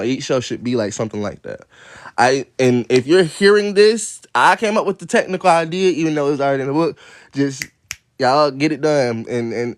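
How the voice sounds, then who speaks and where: Rambling, profane man on a phone livestream. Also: medium pitch. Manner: rambling, profane, laughing asides. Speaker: livestream host reading a storybook. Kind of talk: casual livestream read-aloud with commentary. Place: at home, moving from outdoors to his room.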